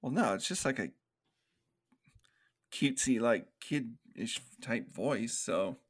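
Animated swearing man. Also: mid-range voice, slow pace, pauses often, slightly rough. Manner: animated, swears a lot, acts out scenes in quoted voices. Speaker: podcast co-host. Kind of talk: casual movie review chat.

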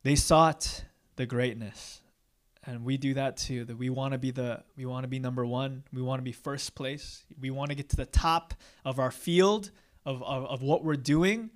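A man's voice: medium pitch, steady tone, moderate pace. A young man preaching a casual, conversational sermon, candid and self-deprecating, often tagging "right?" onto his points. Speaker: pastor.

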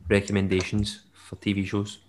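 A man's voice: fairly low pitch, monotone, normal speed, noisy background. A young man, chatting casually and jokily on a podcast. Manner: chatty, jokey, with bursts of laughter. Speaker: podcast co-host. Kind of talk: casual chat.

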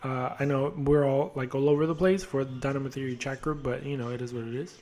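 Speaking fast with fairly even intonation, a young man hosts a podcast of casual soccer chat. His medium-pitched voice has a darkish tone, and he rambles, jokes, swears and teases himself.

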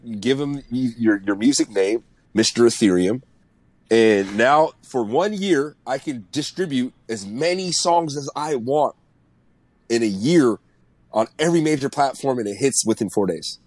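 A man's voice: medium pitch, animated, moderate pace, a little mellow, no echo. Blunt, profane man in his thirties. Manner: blunt, profane, emphatic advice. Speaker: music producer guest. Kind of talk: casual podcast chat.

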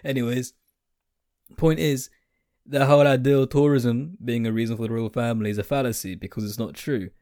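A man's voice: medium pitch, steady tone, fairly quick, a little mellow, no room sound, clean studio sound. A young British man giving a blunt, sarcastic, rambling opinion monologue. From United Kingdom.

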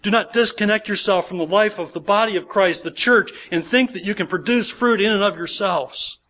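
A man's voice: sits high, fairly quick, pushed and bright. Emphatic man preaching a sermon. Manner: emphatic, repeating key words. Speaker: pastor.

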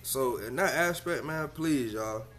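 A man's voice: mid-range voice, a little slow, fairly bright tone, slight background noise. Laid-back man hosting a podcast. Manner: laid-back, slang-heavy, emphatic advice. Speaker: podcast host. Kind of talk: casual solo podcast monologue.

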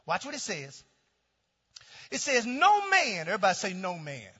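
A middle-aged male pastor preaching a sermon with call-and-response, swinging from shouts down to low, quiet tones. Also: wildly swooping pitch, moderate pace, breathy edge. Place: church sanctuary. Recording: dull sound with long hall reverb.

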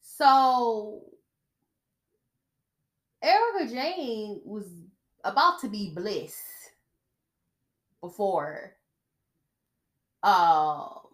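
A woman's voice: mid-range voice, animated, drawn-out words, long pauses. A woman hosting a podcast, talking in a blunt, chatty way about reality TV, often checking in with "okay?". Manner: blunt, chatty, emphatic with frequent "okay?" asides. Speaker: podcast host. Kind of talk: casual gossip commentary.

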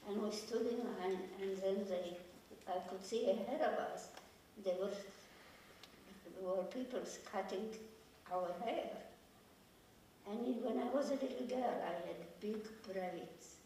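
An older woman from Poland recounts her memories in a quiet, grave, halting way, often circling back to repeat a phrase. Her voice is mellow and dark, heard from a distance. The recording rings with a heavy echo, as though made in a large bare room. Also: mid-range voice, a little hiss or hum. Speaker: Holocaust survivor giving testimony. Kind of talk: personal testimony. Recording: very echoey room, voice from far off.

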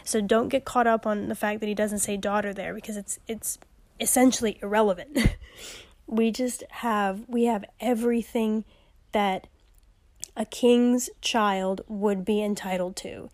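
A woman hosting a podcast, teaching from scripture in a casual, animated way, reading passages aloud and laughing often. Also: mid-range voice, measured pace.

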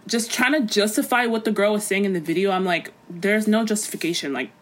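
A young woman co-hosting a casual podcast chat, expressive and slangy with quick asides. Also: mid-range voice. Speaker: podcast co-host.

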